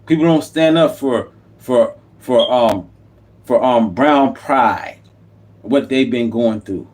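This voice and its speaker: A man's voice: mid-range voice, slow, a little mellow. A man, delivering an unscripted, impassioned political monologue as a YouTube commentator, repeating himself and preaching.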